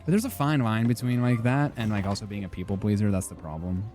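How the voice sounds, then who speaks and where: Low mellow-voiced young streamer. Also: male voice, fast, faint music behind. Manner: rambling, filler-heavy, self-deprecating. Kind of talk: casual gaming stream chat.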